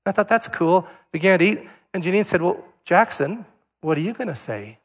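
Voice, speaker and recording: A man's voice: high voice, expressive, normal speed. Older male pastor in a reverberant hall. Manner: conversational, anecdotal, with fillers. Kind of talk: sermon.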